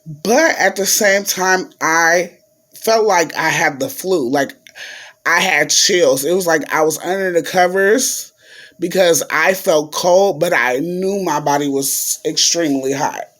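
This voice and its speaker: Slow-talking man telling a story. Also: on the high side, fairly bright tone. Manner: chatty, addresses viewers as y'all. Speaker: vlogger. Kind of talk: casual storytelling vlog.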